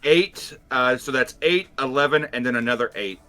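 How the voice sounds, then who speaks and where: A man playing in a tabletop role-playing game, calmly tallying his attacks and damage. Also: mid-range voice, normal speed. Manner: steady, tallies numbers out loud. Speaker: player. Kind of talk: casual tabletop game play.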